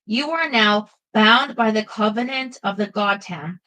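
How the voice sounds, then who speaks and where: A woman's voice: mid-range voice, a little slow, bright, forceful tone, rough recording. A woman voicing a bored female registration clerk intoning rules in an audiobook.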